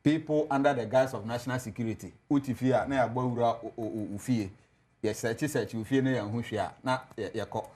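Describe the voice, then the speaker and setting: A man's voice: mid-range voice, fast, a little mellow. A man with a Ghanaian accent, a TV panelist arguing politics and laughing at his opponents' claims. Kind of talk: political debate on TV, mixing Twi and English.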